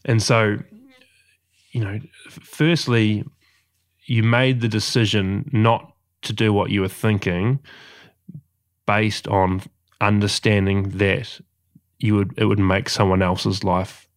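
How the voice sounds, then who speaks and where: A man hosting a podcast interview, asking questions gently and hesitantly with many pauses. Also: lowish voice, little pitch movement. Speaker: podcast host.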